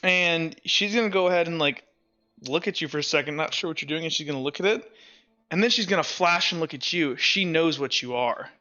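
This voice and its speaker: A man's voice: a little high, fairly quick, pushed and bright, highs cut off. A man narrating a tabletop game as game master, rambling with many fillers. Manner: rambling, filler-heavy, laughing.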